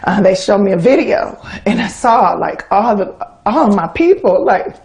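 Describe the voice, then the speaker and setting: A woman in her thirties with an American accent, a guest in an interview, talking in a lively way and laughing often. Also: medium pitch, moderate pace, creaky. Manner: animated, laughs often, acts out quoted voices. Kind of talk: casual interview talk.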